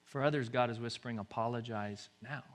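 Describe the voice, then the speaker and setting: Speaking a little fast, a man preaching as pastor booms his way through scripture, then softens into hushed appeals, repeating words as he drives a point home.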